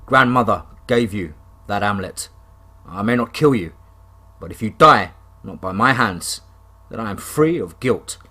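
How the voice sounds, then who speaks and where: A man's voice: lowish voice, lively intonation, sharp tone, exaggerated voice. A towering bear god, as a male narrator puts it on. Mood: grave. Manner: slow, taunting, commanding.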